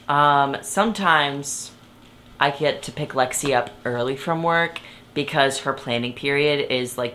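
A young woman with a low voice hosts her podcast from her bed. She rambles loosely and cuts herself off mid-thought. She breaks into laughter often. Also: fairly bright tone. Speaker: podcast host. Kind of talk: casual chat. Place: bedroom, sitting on her bed.

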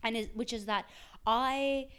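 A woman's voice: fairly high pitch, steady tone, unhurried, a bit bright, clear, resonant tone. A young woman with an Australian accent, co-hosting a casual chat and rambling through restarted sentences. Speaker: podcast co-host.

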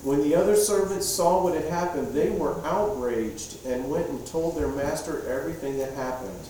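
A man gives a relaxed, conversational sermon and keeps asking the congregation questions. His voice is dark and a touch high for a man. It is picked up from a distance in a very echoey church hall, with faint room noise. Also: normal speed. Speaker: pastor.

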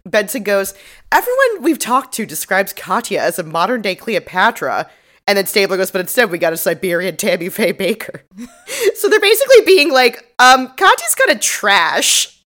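A woman's voice: medium pitch, sing-song, moderate pace, a bit bright. A young woman co-hosting a podcast, recapping a TV episode in casual, sarcastic chat, swearing freely and laughing often. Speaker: podcast co-host.

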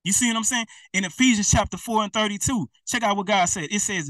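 Preacher, male, direct and repetitive, bright tone, sits back from the mic. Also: high-pitched, quick pace, few pauses, no room sound, far from the mic. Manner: colloquial, repetitive, direct address. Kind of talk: informal preaching to camera.

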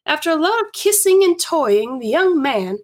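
Woman reading high, prim Victorian girl, breathless confiding storyteller. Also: big pitch swings, moderate pace. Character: prim Victorian young woman telling a secret.

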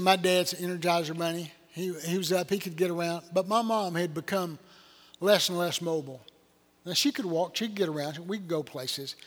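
A man's voice: a little high, a bit bright. An older man, preaching a sermon as a pastor in a folksy, earnest storytelling manner. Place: church sanctuary. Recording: long hall reverb.

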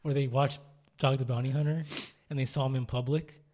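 A man's voice: medium pitch, steady tone, a little fast, darkish tone. A young man co-hosting a podcast in casual chat, easygoing and chuckling as he tells short stories. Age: young adult. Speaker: podcast co-host.

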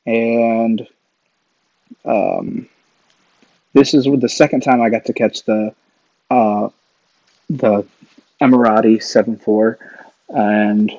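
A man's voice: mid-range voice, vocal fry, darkish tone, no room sound. A man, a podcast guest, telling stories in a casual, rambling way, full of fillers and restarts. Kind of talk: casual storytelling. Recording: dull lo-fi dry sound.

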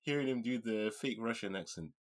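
A man's voice: mid-range voice, lively intonation, fairly quick. A man co-hosting a casual film review chat, laughing often and acting out quotes. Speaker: podcast co-host.

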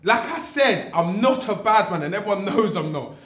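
A man's voice: sits high, animated, normal speed, fairly bright tone. A young man, a guest animatedly telling a story in casual chat, full of slang and repeats. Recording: echoey room.

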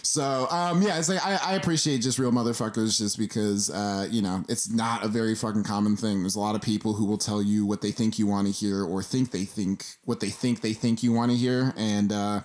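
A man's voice: fairly low pitch, steady tone, a little fast, hardly any pauses. A man hosting a podcast, telling stories in a loose, profane, easygoing way. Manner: loose, profane storytelling with laughs. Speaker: podcast host. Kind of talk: casual podcast chat.

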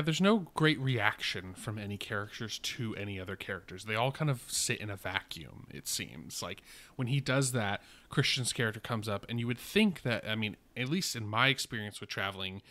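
A man's voice: lowish voice, expressive, fairly quick, few pauses, sharp tone. A man co-hosting a casual film podcast, giving frank opinions with hesitant restarts. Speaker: podcast co-host.

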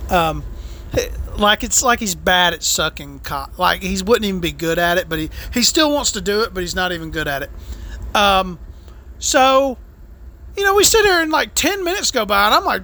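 A man's voice: high-pitched, lively intonation, moderate pace, pushed and bright. A man telling a heated, crude, profanity-filled story about bad service as a food vlogger.

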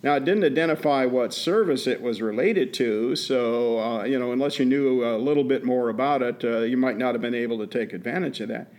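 A man's voice: medium pitch, fairly quick, hardly any pauses, darkish tone. A man co-hosting a podcast, telling a story in a folksy, easygoing way with many fillers and restarts. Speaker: podcast co-host. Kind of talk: casual chat.

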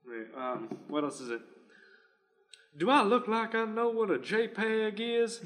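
A man's voice: sits high, lively intonation, a bit bright. A young man co-hosting a podcast, joking around in loose comedy banter. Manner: loose, joking, quick to laugh. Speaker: podcast co-host. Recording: reverberant room.

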